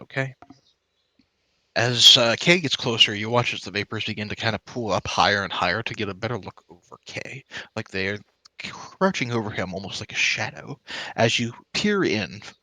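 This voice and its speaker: A man's voice: fairly low pitch, lively intonation, moderate pace, sharp tone, no room sound. A man narrating as game master of a tabletop game, describing scenes in a casual way with fillers.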